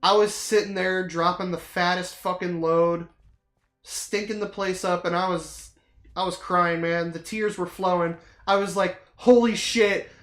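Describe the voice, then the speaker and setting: Streamer, casual chat over gameplay; profane, theatrical ranting, middle pitch; roomy echoey room. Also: level tone, a little slow, a bit bright, soft background music. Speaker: streamer chatting to viewers. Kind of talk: casual rambling chat while playing a game.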